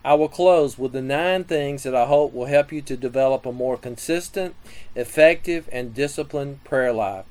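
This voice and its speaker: A man giving a scripted sermon teaching on prayer, reading scripture and listing numbered points in a measured way. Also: medium pitch, a little mellow, low-quality recording. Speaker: preacher.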